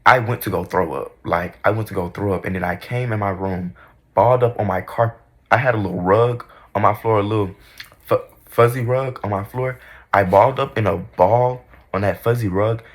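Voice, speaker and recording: A man's voice: lowish voice, moderate pace. A young man in casual storytime mode, candid, profane and dramatic about his own past. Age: young adult. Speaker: vlogger.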